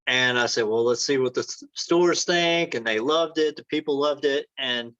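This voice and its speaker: A man in a casual interview, spinning rambling stories and acting out what others said. His voice sits at an ordinary pitch. The recording is dry and a little dull, like a modest lo-fi setup. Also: normal speed, a bit bright, dry recording. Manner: rambling anecdotes, acts out quoted dialogue. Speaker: entrepreneur guest.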